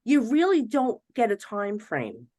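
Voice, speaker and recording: Woman guest on a podcast, chatty, animated storyteller, dry close mic. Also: on the high side, measured pace, dry recording. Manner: animated, swings between hushed and excited; chatty with frequent "you know". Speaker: psychic medium guest.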